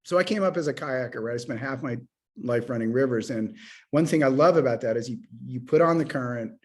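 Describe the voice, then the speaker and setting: A middle-aged man, an author, chatting about his writing and telling stories with lively acted-out dialogue. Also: medium pitch, a little fast. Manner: animated storyteller who acts out dialogue. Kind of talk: conversational author interview.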